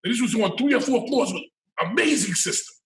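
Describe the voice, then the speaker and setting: Man, high voice, emphatic profane storyteller, roomy echo, set back from the mic. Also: lively intonation, fast, fairly bright tone, distant mic. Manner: profane, emphatic, repeats words when building a point. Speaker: podcast guest. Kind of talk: storytelling in casual interview.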